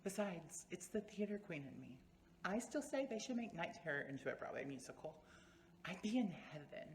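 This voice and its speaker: A man's voice: sits high, very animated, brisk, echoey room, slight background noise, pitched above the performer's own voice. A man voicing an enthusiastic theater-loving young man in a screenplay reading, bubbly and theatrical.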